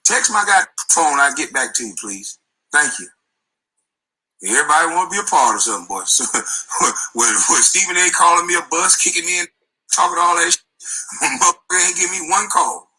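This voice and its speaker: A man's voice: a little high, brisk, long pauses, pushed and bright, breathy edge, rough recording. A man delivering a heated, confrontational and profane rant, with scornful laughs. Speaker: guest.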